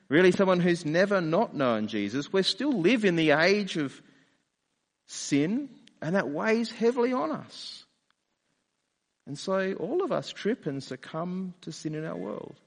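A man's voice: high voice, in a large hall. A man preaching a sermon in a conversational way, often asking rhetorical questions. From Australia. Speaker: pastor.

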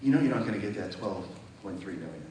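A sly, accusing devil voiced by a man preaching, taunting in a slightly lowered, even tone. He sounds distant from the mic. A heavy echo fills the large hall around him. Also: fast, a little hiss or hum. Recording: very echoey hall, mic far off.

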